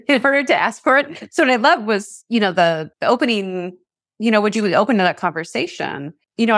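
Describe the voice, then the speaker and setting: A woman's voice: mid-range voice, a bit bright, no echo, clean studio sound. A woman podcast host and leadership coach who reflects aloud, often stopping to ask "right?" as she works through an idea. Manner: reflective, thinks aloud with "you know" and "right?". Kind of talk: interview conversation.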